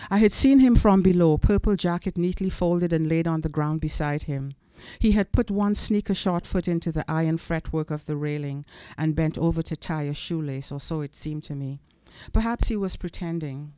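Man, fairly high and warm voice, reading literary prose at a club, deliberate pauses. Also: smooth, no echo. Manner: measured and deliberate, with pointed pauses. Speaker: reader at a literary event. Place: club venue.

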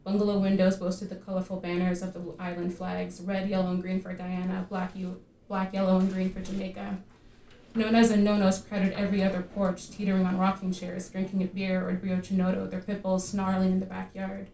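A woman author reads her story aloud at a live reading, telling it in a measured, vivid way. Her voice sits at a middle pitch and rings with a roomy echo, with faint noise in the background. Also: monotone, creaky, dark tone, distant mic. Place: room at a live literary reading. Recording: echoey room at a live reading.

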